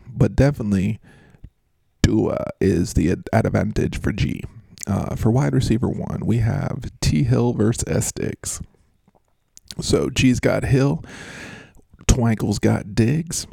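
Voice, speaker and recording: A man talks through fantasy football matchups in a casual, joking, rambling way, mocking himself as he goes. His voice is low and gravelly with a dark, mellow tone. The sound is dry and close. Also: slow, pauses often, no echo.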